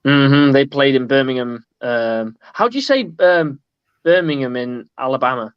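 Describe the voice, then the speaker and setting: A man's voice: mid-range voice, animated, moderate pace, smooth, no echo, highs cut off. A man hosting a casual livestream chat, joking and laughing as he talks over a video call. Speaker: host.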